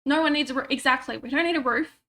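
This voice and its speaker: A woman's voice: sits high, quick pace, bright, forceful tone. A woman with a stuffy nose, chatting casually and rambling with self-mocking asides while she streams a game at home on a desk microphone. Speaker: livestreamer. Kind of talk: casual chat while gaming.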